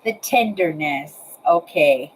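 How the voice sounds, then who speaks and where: A woman's voice: low-pitched, animated, slow pace, a little hiss or hum, low-quality recording. A woman in her sixties talking casually to her webcam at home, rambling and repeating words as she speaks to her viewers. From Canada. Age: 60s. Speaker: vlogger. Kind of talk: casual talk to camera. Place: apartment, indoors.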